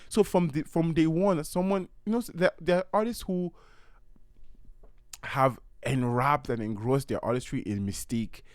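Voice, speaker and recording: A man hosting a solo podcast, talking through pop culture in an animated way and acting out quotes in playful voices. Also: a little high, normal speed, no echo, studio quality. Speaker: podcast host.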